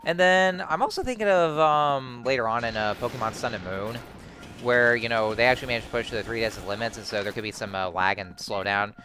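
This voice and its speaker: A young man giving casual, rambling commentary while playing a video game, with excited outbursts. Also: mid-range voice, fairly quick, slight background noise. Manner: rambling, many fillers and restarts, excitable outbursts. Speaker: let's play host.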